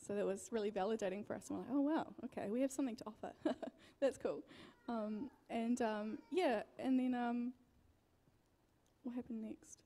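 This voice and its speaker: A woman's voice: fairly high pitch, normal speed, warm tone. A woman with a New Zealand accent sharing a testimony in a church talk, hesitant and searching for her next point. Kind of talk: casual sermon storytelling.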